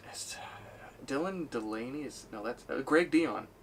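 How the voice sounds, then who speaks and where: Male co-host, mid pitch, relaxed storyteller, laughs often. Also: a little slow, gravelly, a little hiss or hum. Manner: laid-back, laughs often, retells scenes. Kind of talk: casual chat.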